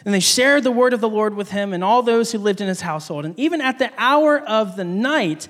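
A man's voice: sits high, animated, brisk, a bit bright, big-room sound. A man giving a casual sermon, with frequent fillers and restarts. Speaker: preacher.

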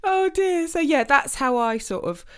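A middle-aged woman, chatting casually as a podcast co-host, self-deprecating and quick to laugh. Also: sits high, animated, slight background noise. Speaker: podcast co-host, choir leader. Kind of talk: casual chat.

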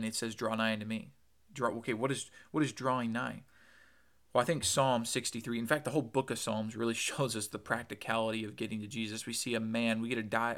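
A man preaching an earnest podcast sermon, with a gravelly edge of vocal fry and a pitch in the middle of the male range. He quotes scripture often and stresses his points by repeating words. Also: a bit bright.

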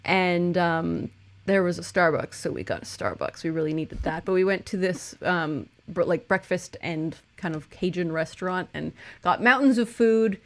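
A young woman tells a long story in a loose, conversational way, laughing often as she goes. Her voice carries a slight hoarseness from a lingering cold. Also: on the low side, expressive, normal speed. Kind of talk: casual chat.

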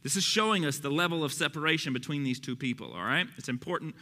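A man's voice: on the high side, fast talker, bright, forceful tone. A man preaching a sermon and teaching through a passage verse by verse, with casual joking asides. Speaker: pastor. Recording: long hall reverb.

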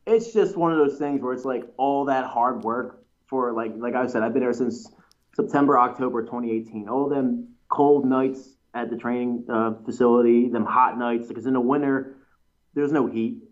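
A man's voice: mid-range voice, steady tone, normal speed, lo-fi sound. A man, a pro wrestler, telling stories in a casual interview with lots of fillers and restarts. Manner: rambling storyteller, many fillers and restarts. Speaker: pro wrestler, tag team champion.

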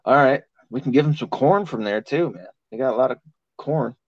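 A man's voice: mid-range voice, a little fast, a little mellow, no echo. A man in casual podcast chat, talking in a rambling, profane way and laughing often. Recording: dull lo-fi sound.

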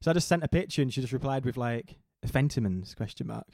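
A man's voice: medium pitch, very fast, darkish tone, dry recording, clean studio sound. A man, co-hosting a casual chat, flustered and stammering as he tells a story. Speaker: podcast co-host.

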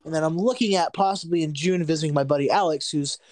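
A man's voice: a little high, fast talker, a little mellow. A man co-hosting a casual podcast, talking loosely with lots of likes and fillers. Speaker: podcast co-host. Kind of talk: casual chat.

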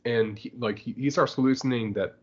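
A man's voice: medium pitch, fairly even intonation, fairly quick, slightly rough, muffled recording. A man co-hosting a podcast, casually recapping a comic book with frequent laughter and acted-out lines. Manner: laughs often while recapping, acts out lines. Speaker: podcast co-host.

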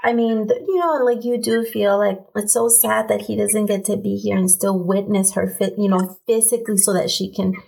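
A woman's voice: medium pitch, moderate pace, gravelly, hardly any pauses, mellow, breathy edge, poor audio. A woman hosting a podcast interview in a casual, conversational way, affirming her guest often. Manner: affirming listener, frequent mm-hmms. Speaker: podcast host.

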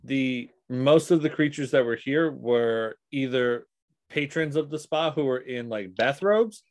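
A man narrating as dungeon master for a tabletop game, relaxed and halting, with many fillers. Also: medium pitch.

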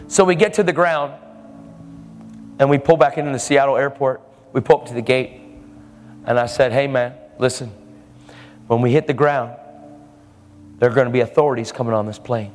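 A man's voice: mid-range voice, moderate pace, pauses often, a little mellow, long reverb tail, faint music behind. A man preaching a sermon, telling a story and acting out the lines of the people in it.

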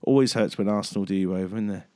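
A man hosting a casual radio sports chat, jokey and upbeat. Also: racing. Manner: jokey, upbeat, lively swings in pitch. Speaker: host.

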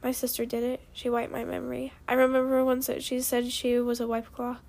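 A woman's voice: sits high, completely flat delivery, a little fast, creaky. Woman reading a tearful female dragon. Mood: hushed. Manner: soft, whispering.

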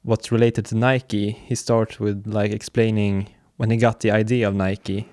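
A man chatting casually about books he is reading, relaxed and hesitant, with many fillers and restarts. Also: on the low side, a little slow, dry recording, studio quality.

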